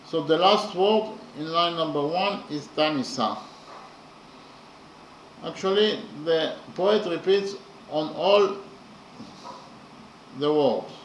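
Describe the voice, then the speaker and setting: A man teaching a lesson on a poem, speaking haltingly with frequent pauses and spelling out letters one at a time. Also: on the high side. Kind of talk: slow spoken lesson. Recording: echoey room with faint background noise.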